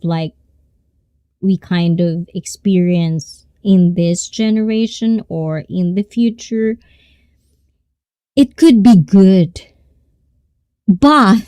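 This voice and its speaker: A woman talks to her viewers in a loose, rambling live-stream chat. Her voice sits a bit low and mellow, and she takes her time. The sound is dry and close. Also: dry recording. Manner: rambling, conversational.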